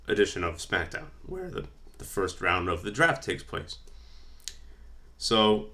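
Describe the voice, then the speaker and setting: A wrestling vlogger with a low, sharp-toned voice rambles through casual fantasy-booking commentary, reading from his notes and filling the gaps with plenty of fillers.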